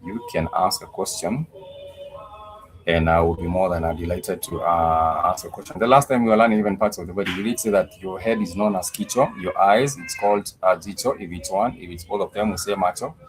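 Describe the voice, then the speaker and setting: A man teaching a live-streamed language class, talking slowly, repeating words and spelling them out letter by letter, with frequent "uh" pauses. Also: sits low, fairly even intonation, slight background noise, low-quality recording. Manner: frequent "uh" fillers. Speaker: Swahili teacher.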